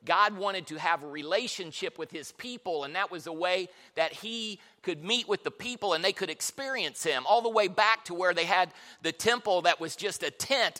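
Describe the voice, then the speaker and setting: A man's voice: high-pitched, sharp tone. A male pastor preaching a sermon in a church hall, telling Bible stories with passion and lots of repetition. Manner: impassioned storytelling with repetitions. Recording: long reverb in a large hall.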